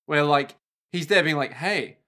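Guy on a podcast, kinda high voice, riffing and goofing around. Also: moderate pace, sharp tone. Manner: playful, riffing, silly bits. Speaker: podcast co-host. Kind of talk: casual chat recapping an anime.

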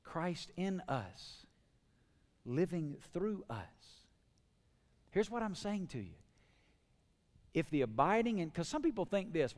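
A man preaching a sermon as pastor, emphatic, moving between hushed passages and loud, repeated lists. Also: sits high, big pitch swings, slow pace, pauses often, long reverb tail.

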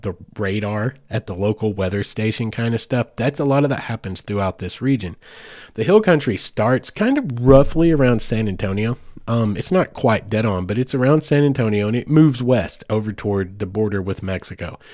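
A man's voice: fairly low pitch, a little mellow, no echo, studio quality. A man hosting a podcast, chatting loosely with many fillers and restarts. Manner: rambling, chatty, with fillers and self-corrections. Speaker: podcast host. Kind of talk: casual monologue.

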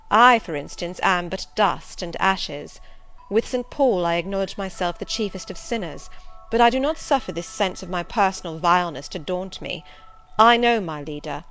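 A woman's voice: lowish voice, a bit bright. A woman reading the part of a stern, zealous male missionary in an audiobook, speaking in a solemn, insistent, preaching way. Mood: commanding, insistent.

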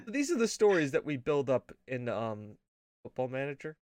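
A man's voice: medium pitch, a little mellow, no echo. A man co-hosting a casual gaming show, telling rambling stories full of swearing and laughter. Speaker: podcast co-host.

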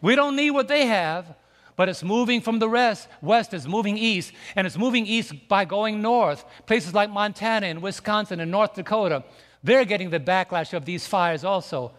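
A man's voice: sits high, lively intonation, normal speed, a bit bright, in a large hall. A man preaching a sermon to his congregation, emphatic and repetitive, often restarting his phrases. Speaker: pastor. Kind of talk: sermon with slides. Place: church sanctuary.

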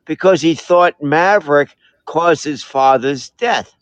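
A man's voice: fairly high pitch, slow pace, clean tone, dry recording. Laid-back man saying dude a lot. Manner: laid-back, says "dude" constantly, argues playfully. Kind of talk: casual comedy banter. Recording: dull dry lo-fi sound.

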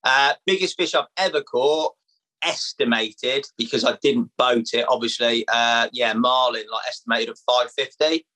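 A man's voice: mid-range voice, normal speed, bright, forceful tone, low-quality recording. A man in his thirties from England, chatting casually as a podcast guest about fishing, with lots of "like" and "mate". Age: 30s. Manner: chatty, laid-back, says "mate" and "like" a lot. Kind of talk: casual chat.

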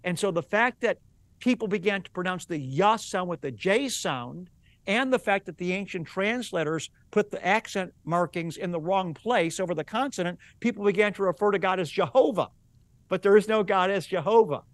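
Earnest high-voiced man explaining patiently. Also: lively intonation, normal speed, dry recording. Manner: earnest, explanatory, spells things out with examples. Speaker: rabbi and Bible teacher, interview guest. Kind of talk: teaching explanation in a broadcast interview.

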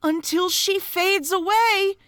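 High-voiced woman in casual chat. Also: slow pace, dry recording, clean studio sound. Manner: animated, laughs often, acts out lines. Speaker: podcast co-host. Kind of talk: casual chat recapping a musical.

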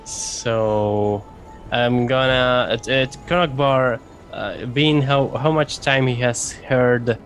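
A man's voice: mid-range voice, fairly even intonation, slow pace, fairly bright tone, faint music behind. Hesitant man playing a tabletop game. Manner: hesitant, many restarts. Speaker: player. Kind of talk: casual tabletop play.

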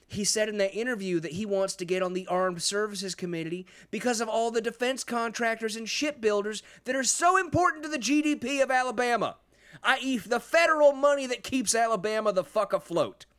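A man's voice: sits high, fairly quick, a bit bright, smooth. A man hosting a podcast, giving sarcastic, profane political commentary in a mocking tone. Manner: sarcastic, swears a lot, mocking. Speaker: podcast host.

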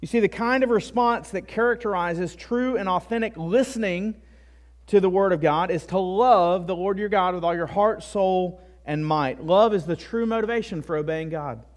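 A man's voice: sits high, normal speed. A male pastor delivering a sermon in a conversational way, with frequent asides and tag questions. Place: church.

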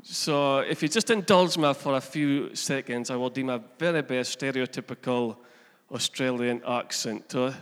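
A man's voice: mid-range voice, moderate pace. A man giving a sermon as pastor, earnest and building in energy, with friendly asides to his congregation. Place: church hall. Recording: reverberant church hall.

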